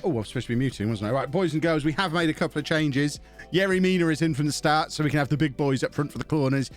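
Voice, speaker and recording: Talking fast in a slightly high voice, a man casually commentates on a live stream as he plays a football management game. He thinks aloud, pokes fun at himself, and keeps pausing to thank subscribers while faint game music plays underneath.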